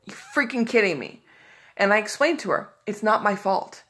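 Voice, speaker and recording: A woman's voice: mid-range voice, animated, moderate pace, fairly bright tone. Exasperated woman telling a story. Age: adult. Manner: frustrated, exasperated retelling of phone calls. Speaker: vlogger. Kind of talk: casual storytelling to camera.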